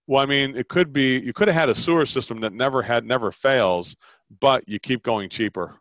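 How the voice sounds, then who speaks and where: A man at medium pitch speaks fairly quickly with no room sound, coaching a caller on sales. He animatedly performs both sides of the pitch. The recording is dull lo-fi call audio.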